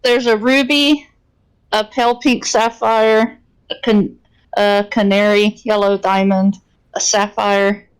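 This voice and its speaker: A woman's voice: medium pitch, little pitch movement, slow pace, clean tone, poor audio. A woman chatting as a player in a tabletop game, listing details carefully. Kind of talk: casual game chat.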